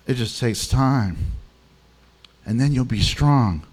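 A man preaching a sermon, telling stories with animated quoted voices. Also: mid-range voice, slow, slightly rough. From Mexican. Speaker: pastor.

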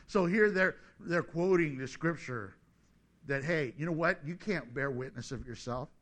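A man's voice: on the high side, measured pace. A middle-aged man preaching a sermon, joking and acting out little voices as he goes. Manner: animated, joking, acts out voices.

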